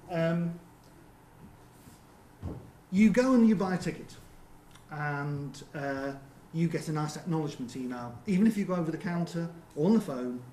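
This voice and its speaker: A man with a fairly high voice presents at a seminar, talking loosely with lots of ums and asides to the room. He is recorded in a roomy venue with a faint hum behind him. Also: dark tone. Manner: conversational, frequent ums and rhetorical checks. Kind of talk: conference presentation.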